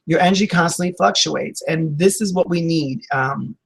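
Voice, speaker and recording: A man's voice: on the high side, normal speed, gravelly, a bit bright, slightly rough, rough recording. A man, a talk radio host, giving a chatty motivational self-help talk with lots of fillers and acted-out reactions. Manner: chatty, acts out quoted reactions, many fillers.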